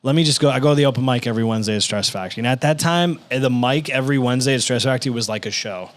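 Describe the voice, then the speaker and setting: On a dry recording, a mid-range male voice rattles off stories very fast. He's a stand-up comic on a podcast, animatedly impersonating the people he quotes, profanity included.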